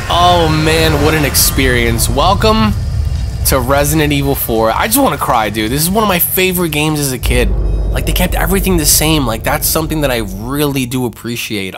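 A man narrating his own gameplay in loose, slangy talk, his fairly high voice leaping up and down as he reacts. He yelps and repeats himself when things get tense. Game music plays loudly under him. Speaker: gaming channel host. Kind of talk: let's-play gameplay commentary.

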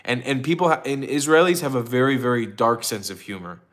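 A man hosting a casual livestream, telling stories in an excitable, profane way and laughing often. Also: mid-range voice, brisk. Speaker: livestream host.

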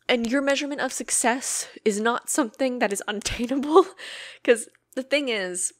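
A woman's voice: a little high, normal speed, no echo. A woman hosting her own podcast, talking earnestly and emotionally in a personal monologue and swearing freely. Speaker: podcast host.

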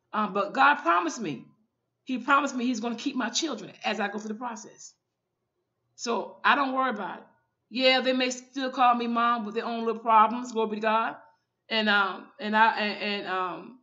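A woman's voice: mid-range voice, bright, forceful tone, dull audio. A woman minister giving an informal online sermon, fervent and often repeating her calls to the listener.

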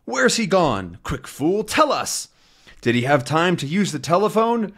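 A man's voice: on the high side, big pitch swings, a little slow, a bit bright, husky, voice pushed up, exaggerated voice. A man voicing a menacing male thug from a comic who barks orders impatiently. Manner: barking orders.

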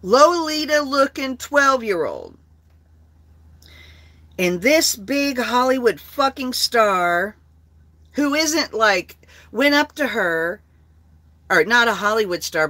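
A woman's voice: on the high side, animated, takes it slowly, sharp tone. A woman talking on her own livestream, blunt and heavily profane. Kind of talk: casual livestream talk.

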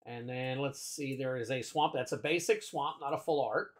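A man's voice: medium pitch, normal speed. A man hosting a card-opening video, chatting casually as he names each card he pulls. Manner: chatty, lists cards aloud with little asides. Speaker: card-opening channel host.

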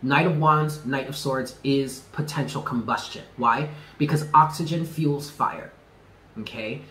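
A man's voice: mid-range voice, measured pace, fairly bright tone. A man giving a casual tarot reading to his viewers, effusive and emphatic, swearing freely and laughing often. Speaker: tarot reader. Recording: echoey room with faint background noise.

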